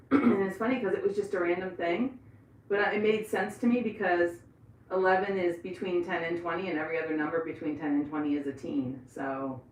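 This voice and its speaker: A middle-aged woman chatting casually on a livestream, rambling and laughing often as she paints. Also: medium pitch. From Florida. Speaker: livestream host. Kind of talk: casual live chat. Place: indoors in a bathroom. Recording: echoey room, voice from some distance.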